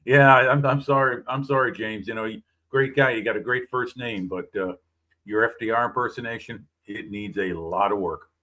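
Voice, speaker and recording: A man's voice: mid-range voice, moderate pace, bright, forceful tone. A man co-hosting a live scale-modelling stream, chatting in a friendly, teasing way. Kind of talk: casual live-stream chat.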